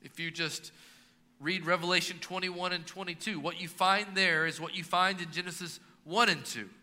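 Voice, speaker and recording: Pastor, man in his 30s, sermon delivery, bright and slightly high voice, reverberant sanctuary. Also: fairly even intonation, moderate pace. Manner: preaching with emphatic rising and dropping delivery. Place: church sanctuary. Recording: long reverb of a church hall.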